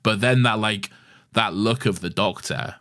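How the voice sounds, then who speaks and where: Very deep-voiced man, chatty. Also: measured pace, fairly bright tone. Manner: laughs often, swears freely. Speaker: podcast co-host. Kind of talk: casual chat.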